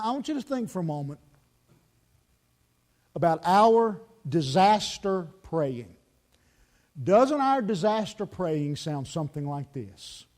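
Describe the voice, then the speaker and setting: A male pastor preaching a sermon in church, emphatic, swinging from loud pleading to hushed, earnest calls. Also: high voice. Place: church sanctuary.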